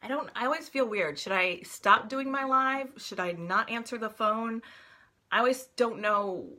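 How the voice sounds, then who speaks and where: Speaking at a moderate pace with a fairly high pitch, this middle-aged vlogger chats with viewers while doing her makeup live, explaining every step. Her tone is bright and forceful, and a little hiss or hum can be heard.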